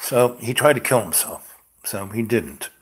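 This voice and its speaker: A man telling a personal story in a rambling, halting way, with many pauses and fillers. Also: lowish voice, animated, a bit bright, slight background noise.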